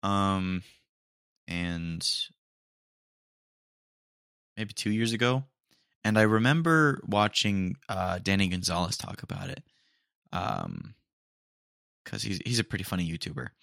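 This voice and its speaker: A male podcast host chatting casually with a bright, forceful tone. His delivery is unhurried, with a lively up-and-down pitch, and he often trails off and restarts mid-thought. The sound is close and dry. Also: creaky, no room sound. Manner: rambling, trails off and restarts, slangy.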